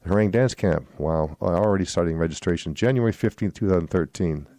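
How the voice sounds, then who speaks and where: This radio host has a deep, mellow voice and a quick pace, recorded without room sound. Hosting a swing music program, he reads event listings in a rambling, casual way, fixing his mistakes as he goes.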